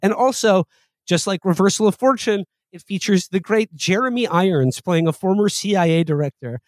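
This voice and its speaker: Male podcast co-host, sardonic and meandering, raised pitch, dry close-mic sound. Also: animated, normal speed, no echo. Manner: rambling, wry, trails off and restarts. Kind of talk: casual comedic chat.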